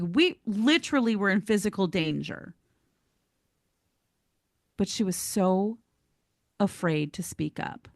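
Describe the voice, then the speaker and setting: A woman co-hosting a podcast, telling stories in an animated, casual way and laughing easily. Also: medium pitch, no echo, studio quality. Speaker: podcast co-host.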